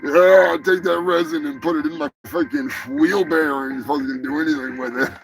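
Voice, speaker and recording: A man hosting a crude comedy show, rambling and swearing, with sudden yelling outbursts. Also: fairly high pitch, steady tone, fairly quick, gravelly, faint music behind, poor audio.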